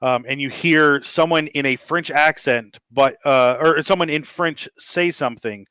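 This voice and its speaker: A man's voice: a little high, measured pace, clear, resonant tone, dry recording. Easygoing man running a tabletop game. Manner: relaxed, full of ums and uhs. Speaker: game master.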